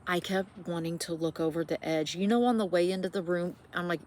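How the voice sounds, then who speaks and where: A woman's voice: lowish voice, fairly even intonation, brisk, darkish tone. A middle-aged woman from Indiana, telling a personal ghost story to viewers in a chatty, swearing way with many fillers. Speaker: vlogger. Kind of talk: casual storytelling.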